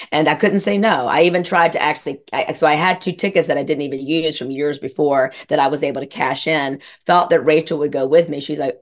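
Low-voiced woman telling her story. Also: brisk, few pauses. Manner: animated storytelling with many restarts. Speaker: interview guest, coach. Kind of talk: casual interview chat.

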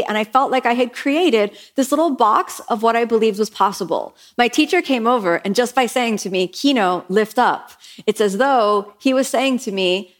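A middle-aged woman teaching yoga, speaking in an earnest, reflective way and acting out her own past thoughts in lively quoted lines. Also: fairly high pitch, normal speed, few pauses. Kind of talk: motivational talk.

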